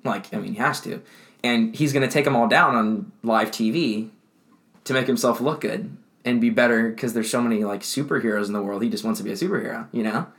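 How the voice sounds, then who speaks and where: A young man co-hosting a casual podcast, rambling and animated with frequent laughs and restarts. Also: medium pitch, a little fast. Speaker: podcast co-host. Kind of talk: casual chat.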